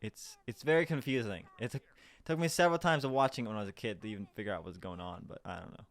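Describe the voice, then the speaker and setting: A man's voice: lowish voice, fast, vocal fry. A young man reacting to a clip, sarcastic and profane, rambling and restarting his sentences. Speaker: reaction video host. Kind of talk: casual commentary over a played clip.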